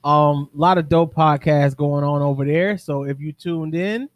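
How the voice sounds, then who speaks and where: A man co-hosting a casual sports podcast, relaxed and quick to chime in with agreement. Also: on the high side, dry recording, muffled recording. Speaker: podcast co-host.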